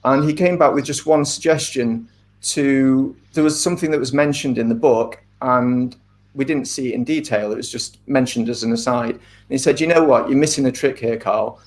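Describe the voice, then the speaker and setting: A middle-aged man, an author being interviewed, talking in a thoughtful, measured way with frequent ums and asides. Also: mid-range voice, fairly even intonation. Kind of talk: casual interview talk.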